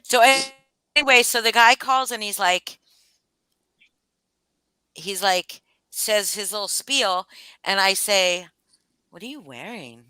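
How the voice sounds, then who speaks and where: Young woman podcaster, bright forceful voice, crude jokey stories, dry close mic. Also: medium pitch, steady tone, takes it slowly, long pauses, clean tone, no room sound, rough recording. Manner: crude, joking storyteller. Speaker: podcast co-host. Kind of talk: casual chat.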